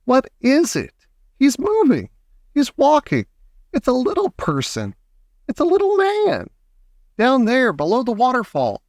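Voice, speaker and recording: A man voicing a spoiled little girl who shrieks in a shrill, frantic way. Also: wildly swooping pitch, measured pace, pauses often, a little mellow, no room sound, clean studio sound, exaggerated voice. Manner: shrill, frantic, high-pitched.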